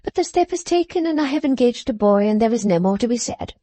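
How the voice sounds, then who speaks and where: A woman voicing a calm, distracted middle-aged mother who brushes off her daughter with cool composure. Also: on the high side, fast talker, no room sound. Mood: serenely dismissive.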